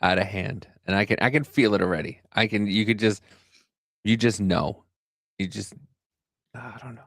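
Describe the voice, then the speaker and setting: A man's voice: fairly low pitch, normal speed, a bit bright, no room sound, studio quality. A man co-hosting a podcast, telling a rambling story in casual chat and swearing often. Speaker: podcast co-host.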